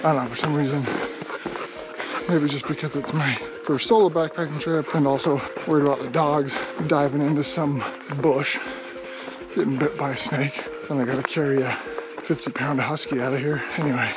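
A man's voice: a little high, steady tone, moderate pace, noisy background. A man vlogging on a mountain trail, chatting casually to the camera and to his dogs as he hikes. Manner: chatty, talks to his dogs while hiking. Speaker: hiking vlogger. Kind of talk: casual vlog talk to camera. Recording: music playing under the voice.

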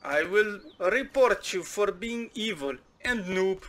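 A man's voice: high-pitched, lively intonation, takes it slowly, a bit bright, a little hiss or hum. A man in in-game voice chat, joking around as a fake Russian trickster in broken English. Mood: pleading, joking. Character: fake Russian trickster player calling everyone bratan. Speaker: gamer.

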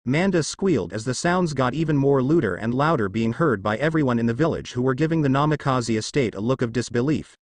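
A man narrating a fanfiction story in an expressive reading. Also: mid-range voice, brisk, few pauses, no room sound.

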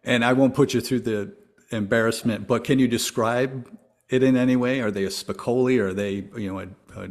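A man hosting a podcast, asking a guest questions in an upbeat way and slowing down to stress key words. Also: medium pitch, steady tone, darkish tone. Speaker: podcast host. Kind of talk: casual interview questions.

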